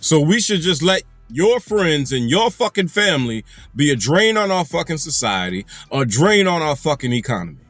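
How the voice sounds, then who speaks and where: A man's voice: a little high, sing-song, moderate pace, few pauses, fairly bright tone, no room sound, soft background music. A man delivering an angry, profane commentary rant, hammering his points with repetition. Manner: angry, emphatic, heavy profanity, repeats phrases for emphasis. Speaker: commentary channel host.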